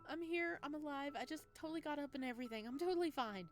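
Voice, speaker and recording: A woman's voice: on the high side, expressive, a little fast, few pauses, soft background music. A woman playing a visual novel and reading its text and lines aloud, playful. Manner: playful, does all the voices. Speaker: let's play streamer.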